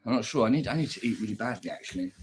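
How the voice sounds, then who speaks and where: A man's voice: medium pitch, expressive, rapid-fire, slightly rough. A man talking alone on a livestream, rambling, humming little tunes and breaking into mocking rants. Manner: sing-song humming and crooning between talk, swings into mocking rants. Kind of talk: rambling solo livestream chat.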